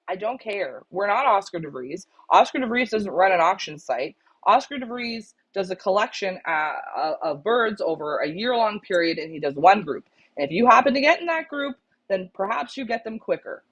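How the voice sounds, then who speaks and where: A woman's voice: mid-range voice, lively intonation, normal speed, hardly any pauses, husky. A woman co-hosting a pigeon club show, talking bluntly and with exasperation to members and repeating her points for emphasis. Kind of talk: casual live-stream chat to club members. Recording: dull, lo-fi stream audio.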